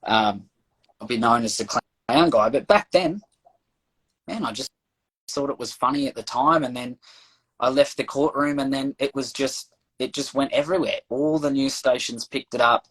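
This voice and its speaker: Husky Australian man telling a story. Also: mid-range voice, normal speed, poor audio. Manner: animated anecdote-telling, acts out quoted voices. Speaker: guest. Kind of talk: casual storytelling chat.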